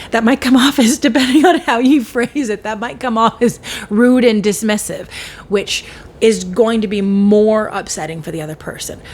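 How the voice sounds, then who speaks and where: Woman podcast host, slightly high voice, earnest coaching tone, voices example replies as she talks. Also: husky. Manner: earnest, coaching, acts out quoted replies in shifting tones. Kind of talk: solo podcast talk on healing.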